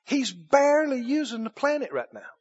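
A man preaching a sermon emphatically, repeating phrases and rising into shouts. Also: very high-pitched, very animated, normal speed, breathy edge. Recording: dull lo-fi recording.

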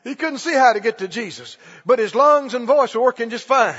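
A man preaching a sermon, emphatic, often shouting and repeating phrases. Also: very high voice, expressive, fairly quick, hardly any pauses, breathy edge, in a large hall, lo-fi sound.

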